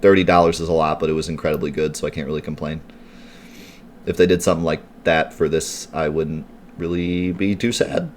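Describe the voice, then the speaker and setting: A man with a very low voice rambles casually through live gameplay commentary, answering his chat as he goes. His talk is loose and full of "like" and "um" fillers, with a faint hiss of noise under it. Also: a little fast. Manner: chatty and rambling, answering chat questions, heavy on "like" and "um". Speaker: let's play streamer.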